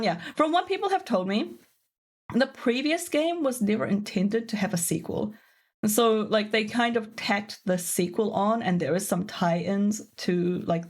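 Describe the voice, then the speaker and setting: A young woman streaming a game, chatting casually with viewers in a rambling, giggly way full of fillers. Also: fairly high pitch. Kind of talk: casual live-stream chat.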